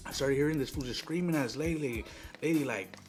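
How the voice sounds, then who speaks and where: A man's voice: medium pitch, animated, fast talker, darkish tone, soft background music. A young man casually telling a story between bites, slangy and profane. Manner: slangy, profane, laid-back. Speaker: mukbang host. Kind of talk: casual storytelling while eating.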